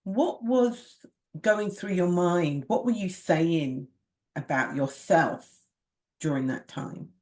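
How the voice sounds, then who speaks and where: Slow-speaking woman host. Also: fairly low pitch. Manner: slow, gentle questions and short affirmations. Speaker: podcast host. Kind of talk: interview.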